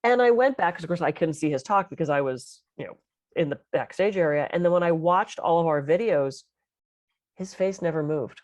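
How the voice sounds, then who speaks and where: A middle-aged woman co-hosting a podcast in casual chat, an animated and expressive storyteller. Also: low-pitched, fairly quick, no echo. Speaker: podcast co-host.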